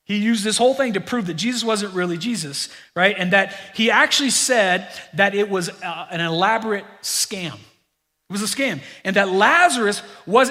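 A middle-aged man preaching a sermon to his congregation, animated and joking with them in asides. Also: high-pitched. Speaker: pastor. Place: church sanctuary. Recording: long reverb of a large hall.

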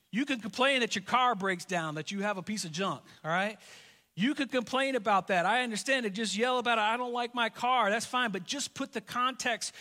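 A man's voice: sits high, pushed and bright, big-room sound. A man in his thirties preaching a sermon, telling a family story in a conversational way and repeating key lines for emphasis. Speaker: pastor.

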